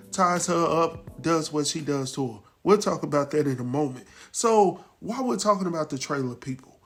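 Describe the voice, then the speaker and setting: A man with a fairly high voice hosts a casual recap of a TV episode. He tells the story in a lively, slangy way, acting out what each character says. Faint music plays underneath. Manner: animated storytelling, acts out characters' lines; slangy, laughs at his own jokes. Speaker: recap show host.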